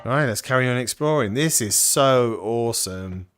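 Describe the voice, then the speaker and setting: An excited man talks his viewers through a VR puzzle game, reacting and thinking aloud as he explores. His voice sits at an ordinary middle pitch and stays casual and chatty. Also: normal speed, clean tone. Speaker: gaming channel host. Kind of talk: VR puzzle game playthrough commentary.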